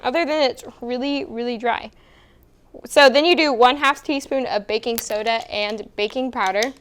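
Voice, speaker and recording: A woman's voice: a little high, normal speed, a bit bright, a little hiss or hum. A young woman co-hosting a casual student cooking show, explaining each step and teasing her partner. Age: young adult. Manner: bossy, teasing, explains steps.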